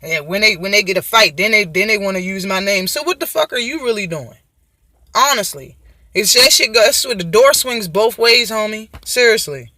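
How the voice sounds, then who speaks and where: High-voiced man ranting about boxing. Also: lively intonation, normal speed, sharp tone, no room sound, clean studio sound. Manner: profane, mocking, heated. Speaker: boxing commentary host. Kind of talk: casual ranting commentary.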